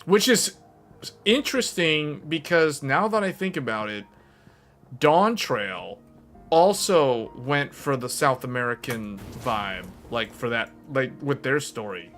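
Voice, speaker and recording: A man streaming to his viewers, chatting casually in a rambling, animated way and laughing often. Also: medium pitch, slow, soft background music.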